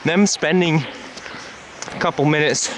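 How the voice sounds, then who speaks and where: This hiking vlogger, panting slightly as he climbs, speaks at a measured pace in a fairly high, steady voice. Filming on a handheld camera, he rambles and muses with plenty of fillers, and background noise is audible.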